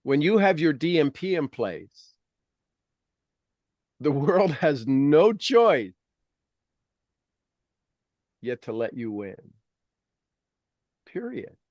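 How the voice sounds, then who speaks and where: A man's voice: on the high side, very animated, drawn-out words, pauses often, a little mellow, no room sound, lo-fi sound. A man hosting a coaching conversation, emphatic and repetitive as he drives his points home. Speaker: leadership coach and host.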